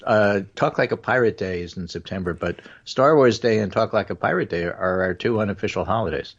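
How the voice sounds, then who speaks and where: A man co-hosting a talk show, joking deadpan and reading news items aloud. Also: fairly low pitch, brisk, dull audio. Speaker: co-host. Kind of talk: casual political talk.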